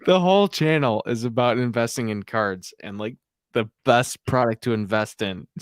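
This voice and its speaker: A man's voice: medium pitch, normal speed, clean tone, no room sound. A young man hosting a casual podcast, rambling and laughing a lot as he talks. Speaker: podcast host. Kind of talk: casual chat.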